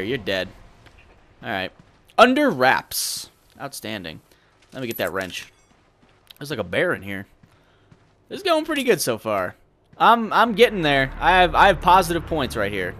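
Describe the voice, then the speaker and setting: A young man giving casual, excitable gameplay commentary, thinking aloud and swearing. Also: medium pitch, normal speed, pauses often, slight background noise.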